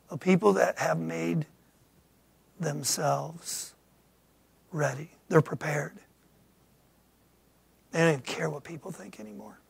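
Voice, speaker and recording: High, gravelly-voiced preaching pastor. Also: male voice, no echo. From United States. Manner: swings from loud preaching to hushed whispers. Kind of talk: sermon. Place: church sanctuary.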